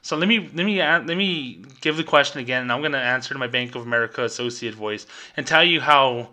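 A middle-aged man talks on his podcast in a sarcastic, exasperated rant, picking apart stiff corporate language. His voice has a bright, forceful edge, and he keeps a mocking tone throughout. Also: medium pitch, fast, hardly any pauses. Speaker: podcast host, former bank employee. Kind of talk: ranting commentary.

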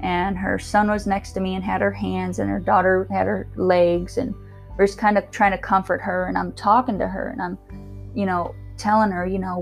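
A woman telling a personal story about losing a friend, in a halting, emotional way with many fillers. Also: mid-range voice, steady tone, vocal fry, soft background music. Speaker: storyteller sharing a personal loss. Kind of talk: casual spoken recollection.

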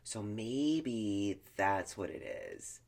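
A woman's voice: extremely low pitch, drawn-out words, a little mellow. A woman co-hosting a podcast in casual chat, candid and joking, laughing often. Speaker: podcast co-host.

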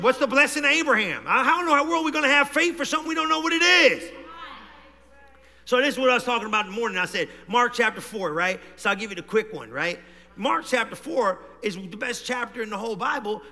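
A man preaches a lively sermon, dropping into low, quick asides and then climbing into shouts. His voice sits high and rings very bright. A long reverb trails every phrase. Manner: animated preaching, swings from low talk to shouting. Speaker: pastor. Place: church hall.

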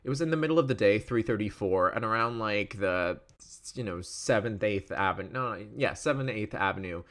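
A man's voice: on the low side, animated, brisk, a bit bright. A young man in his twenties telling a story in a casual, rambling way, full of fillers and tangents. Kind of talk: casual chat.

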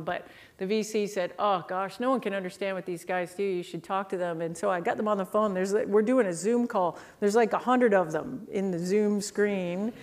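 Canadian woman, middle-aged, keynote speaker, lively anecdotal delivery, acts out quoted people. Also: mid-range voice. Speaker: speaker on market positioning. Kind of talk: storytelling keynote talk.

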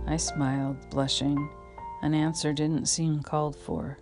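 A woman reading her memoir aloud in an unhurried, reflective way, now and then stopping to correct a slip. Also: low voice, little pitch movement, over music. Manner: unhurried, reflective, with occasional slips and rereads. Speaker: memoir reader.

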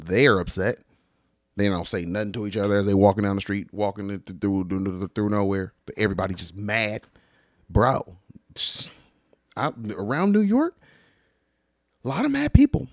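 A man casually ranting about travel stories, profane and animated, acting out the people he quotes. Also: no room sound, studio quality. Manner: animated, profane, acts out quoted people with big pitch jumps. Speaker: vlogger. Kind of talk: casual storytelling rant.

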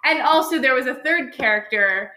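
A woman's voice: high voice, lively intonation, normal speed, sharp tone, reverberant. A woman chatting casually about short films, rambling with many fillers and restarts. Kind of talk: casual film review chat.

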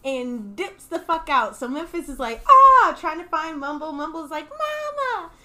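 A woman's voice: high voice, moderate pace, pushed and bright. A woman co-hosting a comedy podcast, playfully retelling a movie and acting out the characters' lines. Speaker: podcast co-host. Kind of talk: casual stoner movie recap.

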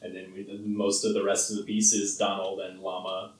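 A man's voice: deep voice, completely flat delivery, normal speed, distant mic. A man co-hosting a podcast, rambling casually about a film with lots of fillers and laughs. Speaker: podcast co-host. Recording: roomy sound from off the mic.

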